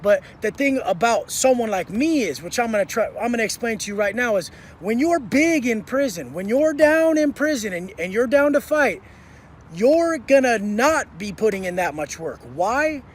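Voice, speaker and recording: A man's voice: extremely high pitch, very animated, moderate pace, a little hiss or hum. A man telling prison stories in an intense, blunt monologue, swearing heavily. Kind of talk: profane storytelling monologue.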